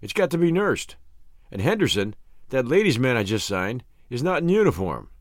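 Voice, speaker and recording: A man's voice: medium pitch, sing-song, moderate pace, no echo. A man reading an audiobook voices an earnest, worried baseball team manager in a dry recording.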